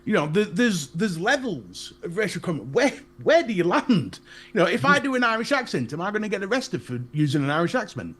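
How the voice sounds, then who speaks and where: A Northern English man on a casual live chat show, talking high and with a lot of swing in his pitch. He rants bluntly and swears freely, laughing at his own jokes. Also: sing-song, fairly quick, fairly bright tone, breathy edge. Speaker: podcast co-host.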